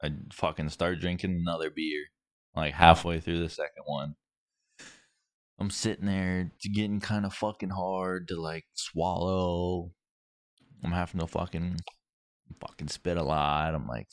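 Young male co-host, deep voice, profane rambling storyteller, dry sound. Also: little pitch movement, moderate pace, dry recording. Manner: profane, rambling, swears constantly. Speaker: podcast co-host. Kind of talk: casual storytelling chat.

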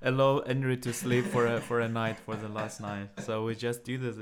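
A man's voice: mid-range voice, flat delivery, normal speed, crowd noise. A man co-hosting a podcast in casual chat, speaking hesitantly with frequent fillers and restarts. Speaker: podcast co-host.

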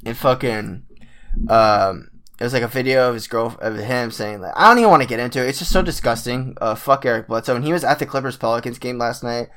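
A man's voice: medium pitch, fast, fairly bright tone. A young man, sick and with a cracking voice, ranting in casual commentary as a frustrated basketball fan who swears a lot. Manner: exasperated, swears a lot, many fillers.

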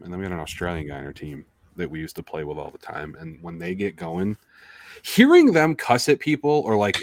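A man with a very low, deep voice chats casually on a podcast. He rambles from one joke to the next, swears freely and often restarts his sentences. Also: a little hiss or hum. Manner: rambling, profane, joking, with frequent restarts. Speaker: podcast co-host. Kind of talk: casual chat.

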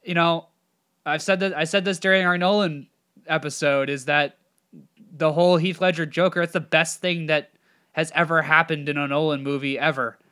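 A man's voice: on the high side, fairly even intonation, moderate pace, sharp tone, clean tone. A man co-hosting a casual movie podcast, talking bluntly and profanely, ranting with strong opinions. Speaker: podcast co-host. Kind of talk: casual movie review chat.

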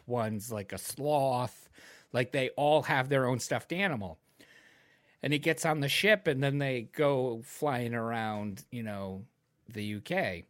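A man with a Rhode Island accent hosting a stream, telling stories in an animated, excitable way during a casual chat. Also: on the high side, dry recording, studio quality. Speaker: stream host.

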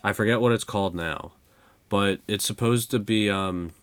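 A young man with a fairly low voice co-hosts a podcast, chatting loosely and joking his way through stories with lots of fillers. The recording is dry and close, with no room sound around him. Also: normal speed, clear, resonant tone, dry recording. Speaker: podcast co-host. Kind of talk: casual chat.

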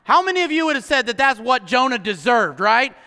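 With a high, bright voice and a brisk pace, a male pastor delivers an animated sermon, directing rhetorical questions at the congregation. A long echo follows his words through the church hall.

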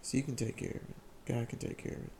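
A young man candidly telling a personal story in casual slang, often halting and repeating his words. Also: darkish tone, slight background noise. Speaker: vlogger sharing a personal story.

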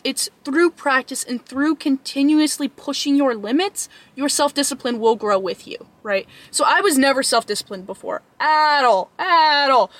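Speaking to camera with no room sound, a young fitness vlogger gives a motivational talk in a high-pitched voice. She's earnest and emphatic, slipping into quick asides that voice her inner thoughts.

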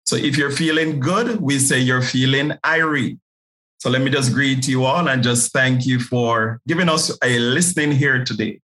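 A man's voice: mid-range voice, normal speed, few pauses, a bit bright, poor audio. A man from Jamaica with a Jamaican accent, speaking as a pastor and podcast guest, earnest and often repeating words as he starts a thought. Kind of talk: podcast interview guest, preaching.

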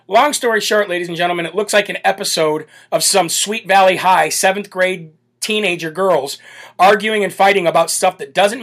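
A man's voice: sits high, a bit bright. A man hosting a political talk show, ranting in a brash, sarcastic and mocking way. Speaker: political podcast host.

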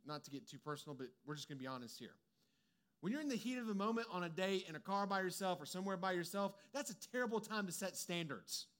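High-voiced young man preaching with humor. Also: a bit bright. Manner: humorous, conversational, storytelling preaching. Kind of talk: sermon.

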